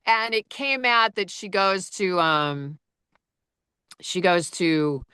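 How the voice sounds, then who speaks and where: Low-voiced lady narrator, crisp and dry sound, just chatting and laughing a lot. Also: expressive, slow pace, pushed and bright, no echo. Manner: chatty, laughs often while telling stories. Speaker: audiobook narrator. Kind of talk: casual chat.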